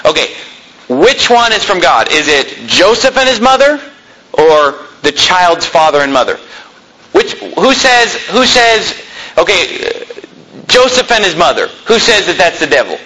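A man's voice: high voice, big pitch swings, measured pace, sharp tone, a little hiss or hum, poor audio. A man preaching a fiery sermon in a church, combative and sarcastic, quizzing the congregation. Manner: combative, sarcastic, asks the congregation for shows of hands.

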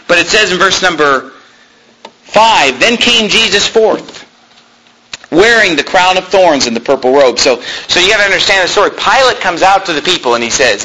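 Male preacher, sermon, high bright voice, very animated delivery, faint background hiss. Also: normal speed, poor audio. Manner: animated, impassioned, reads scripture aloud and acts out speakers.

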